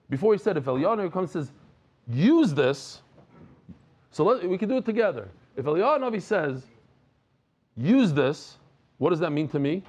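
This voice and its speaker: A man giving a lively Daf Yomi Talmud lesson, dropping Hebrew and Yiddish terms and repeating words as he pushes a point. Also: fairly high pitch. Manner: repeats and restarts words, jokes with listeners.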